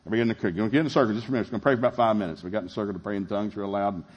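A middle-aged man preaching a sermon, telling a family story with animated, shouted retellings. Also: on the low side, racing, slightly rough. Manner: animated, shouting in acted-out scenes, laughing. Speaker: pastor.

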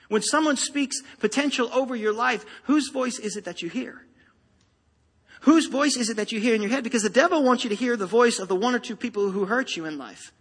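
A man's voice: extremely high pitch, a bit bright, breathy edge. A man preaching a sermon to a congregation, emphatic and rousing, speaking straight to the listeners. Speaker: pastor. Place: church sanctuary. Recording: long reverb of a large hall.

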